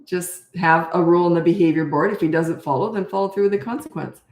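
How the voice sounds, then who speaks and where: A woman's voice: lowish voice, fast talker, darkish tone, echoey room. An older woman coaching parents, answering viewer questions in a blunt, emphatic way and repeating her key points.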